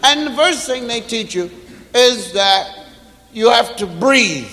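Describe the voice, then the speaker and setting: Male stand-up comic, high lively voice, unhurried, live hall echo with audience. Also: slight background noise. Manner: drawn-out, acts out sounds and voices. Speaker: stand-up comedian. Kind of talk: stand-up storytelling. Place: theater stage before a live audience. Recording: roomy live hall recording with crowd. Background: audience laughter.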